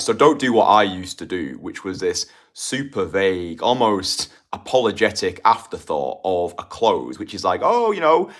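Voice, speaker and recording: Emphatic British dating coach. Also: male voice, lowish voice, a bit bright. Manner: emphatic, keeps checking in with "right?". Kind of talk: motivational monologue on a stream.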